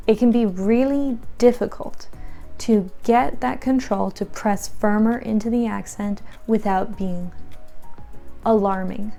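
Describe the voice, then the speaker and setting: A woman teaching piano and explaining patiently in a clear instructional tone. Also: medium pitch, dark tone. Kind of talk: instructional tutorial.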